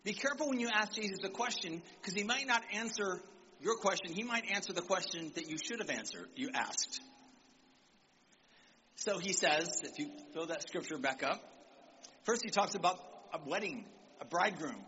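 Guy preaching to a youth crowd, high bright voice, kinda dull recording w faint hiss. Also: moderate pace. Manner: animated, calls for amens, acts out quotes. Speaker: visiting preacher. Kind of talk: sermon to young people. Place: church service in Nigeria.

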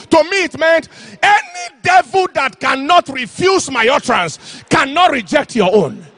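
A man preaching an impassioned sermon, telling a story and shouting out phrases. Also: very high-pitched.

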